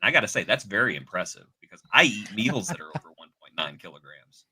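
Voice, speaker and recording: A man's voice: on the low side, sing-song, quick pace, pushed and bright, breathy edge. A man hosting a casual podcast, joking and theatrical as he banters with his co-hosts. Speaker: podcast host.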